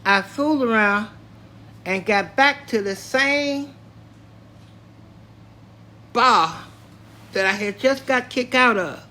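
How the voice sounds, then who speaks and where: An older man from Tennessee, slowly and plainly recounting a story from his own life. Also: very high voice, expressive, bright, forceful tone. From Tennessee, US South. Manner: slow, plainspoken, matter-of-fact telling. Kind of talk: spoken personal story.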